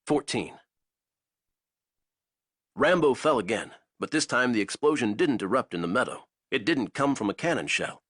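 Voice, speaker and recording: A male narrator reads an action novel aloud with a husky voice. His pitch moves a lot as he builds each scene. The recording is dry, with no room sound. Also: expressive, moderate pace, long pauses, fairly bright tone, no echo. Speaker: audiobook narrator. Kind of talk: dramatic audiobook narration.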